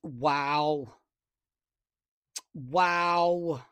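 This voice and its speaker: An excitable man with a high-pitched, clear, resonant voice draws out his words as he talks through a weather live stream at home. He rambles, backtracks and corrects himself, recorded dry on a close desk mic in a dry room.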